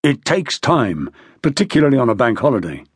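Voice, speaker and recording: A man's voice: medium pitch, very animated, brisk, slightly rough, no room sound, clean studio sound. A man doing a curt, clipped detective inspector.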